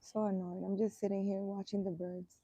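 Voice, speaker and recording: A woman energy healer chatting casually outdoors, answering viewer comments aloud in an unhurried way, her throat irritated so her voice keeps catching. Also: medium pitch, flat delivery, warm tone, dry recording. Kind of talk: casual live chat. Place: outdoors in the sun, birds around.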